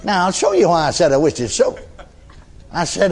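A male preacher telling a story from the pulpit in a folksy, conversational manner. His voice sits a little high for a man and swoops up and down with lively movement. He laces the sermon with chuckling asides and keeps checking in with "you see". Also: moderate pace, long pauses, some chatter behind. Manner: many restarts and filler tags like "you see".

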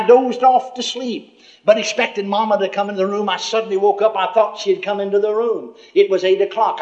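Older preacher, high voice, folksy testimony with chuckles, muffled lo-fi tape. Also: male voice. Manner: folksy storytelling, chuckling asides, many "you see". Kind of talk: sermon testimony. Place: church gathering before a congregation. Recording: muffled lo-fi recording.

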